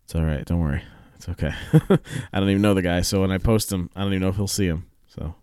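A man co-hosting a relaxed podcast, spinning anecdotes full of swearing and quick laughs. His voice sits a little low, and the recording is close and dry with no room sound. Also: smooth, dry recording. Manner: profane, storytelling, laughs often. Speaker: podcast co-host. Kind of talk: casual chat.

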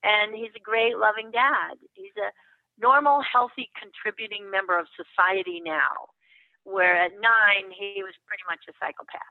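A woman's voice: medium pitch, fairly even intonation, moderate pace, no room sound. Older woman on a tinny phone line. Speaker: guest therapist. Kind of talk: casual podcast interview.

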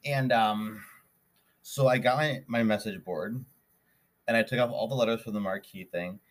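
A man's voice: fairly low pitch, normal speed. A man hosting a podcast, telling a story in a rambling, casual way with many restarts. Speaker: podcast host.

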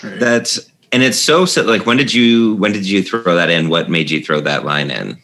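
A man hosting a podcast asks a comedian about his craft in halting, restarting sentences. His voice is very deep yet bright and crisp. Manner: halting, many fillers and restarts. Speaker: podcast host. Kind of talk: interview questions, casual chat.

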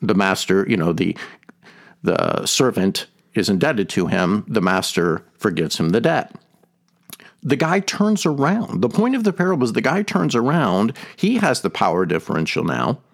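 A man's voice: mid-range voice, gravelly. A man hosting a podcast, giving an earnest teaching talk and restating his main point several times. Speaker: podcast host. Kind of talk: teaching talk on a faith topic.

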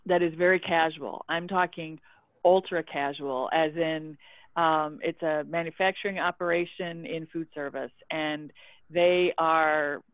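A guest who works as a public relations consultant, talking in a measured way and explaining with examples. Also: female voice, sits low, fairly even intonation, dry recording. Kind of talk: casual conversation. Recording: dry tinny phone-like line.

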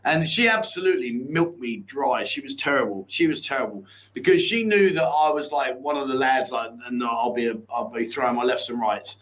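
A man's voice: medium pitch, normal speed, fairly bright tone, poor audio. A man hosting a casual live chat show, telling stories with cheeky banter and laughter. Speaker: host.

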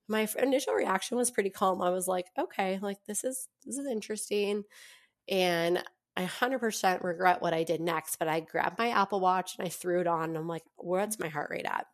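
A young adult woman telling her own story as a podcast guest, chatty, with lots of fillers and quick laughs. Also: on the low side. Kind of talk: casual storytelling in an interview.

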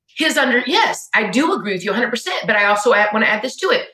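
A woman in her forties telling a painful family story on a podcast, animated and at times tearful. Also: on the high side, quick pace. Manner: animated, tearful retelling, quotes others in her own voice. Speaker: podcast guest. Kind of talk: emotional personal storytelling. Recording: echoey room.

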